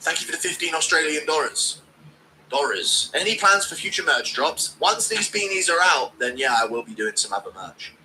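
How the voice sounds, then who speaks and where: A man's voice: a little high, very animated, normal speed, sharp tone, slight background noise, poor audio. A man streaming a casual watch-along, joking crudely and reading out donations.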